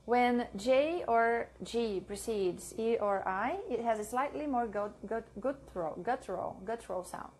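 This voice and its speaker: A woman reading her study notes aloud, drilling words slowly and stopping to correct her own mix-ups. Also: on the high side, darkish tone. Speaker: language learner sharing study notes. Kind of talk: slow read-aloud study session.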